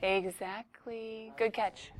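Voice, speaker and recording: A woman's voice: fairly high pitch, level tone, takes it slowly. A woman teaching a classroom math lesson, playful and joking with her students as she works a problem.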